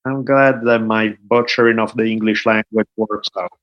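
A man in his forties with an Italian accent, a podcast guest talking in a relaxed, joking way. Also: fairly low pitch, normal speed, muffled recording. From Italy. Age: 40s. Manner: joking, self-deprecating, relaxed. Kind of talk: casual interview chat.

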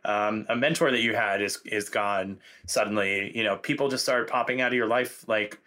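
A man's voice: lowish voice, normal speed, bright, forceful tone. A man being interviewed as a guest writer, talking in a loose, reflective way with many fillers. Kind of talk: casual conversational interview.

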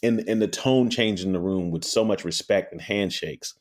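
A man's voice: low voice, normal speed. A man with a Southern American accent, a pitmaster guest telling easygoing stories and repeating words as he starts his thoughts. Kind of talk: interview storytelling.

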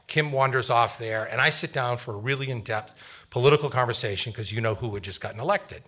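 A man's voice: medium pitch, fast talker. Middle-aged man telling a family story. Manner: animated, acts out family members' voices. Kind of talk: live personal storytelling.

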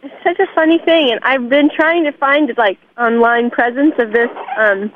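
A woman hosting a radio interview, thoughtful and pausing with frequent fillers. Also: fairly high pitch. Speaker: radio host. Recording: tinny phone line.

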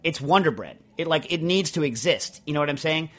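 A man's voice: a little high, lively intonation, fairly quick, fairly bright tone. A man hosting a podcast in casual chat, rambling and emphatic, full of restarts as he answers listener mail. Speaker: podcast host.

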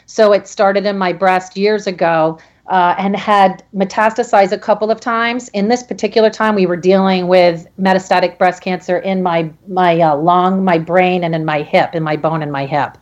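Woman guest, halting storyteller, muffled lo-fi remote line. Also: lowish voice, steady tone. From Connecticut. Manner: halting, many restarts and fillers. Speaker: podcast guest. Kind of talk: emotional personal story.

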